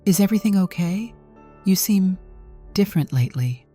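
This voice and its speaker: A woman's voice: medium pitch, lively intonation, normal speed, warm tone, husky, faint music behind, pitched above the performer's own voice. A woman voicing an earnest young female coworker who speaks cautiously and kindly. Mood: concerned. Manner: cautious, caring. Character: earnest young female architect, eager and kind.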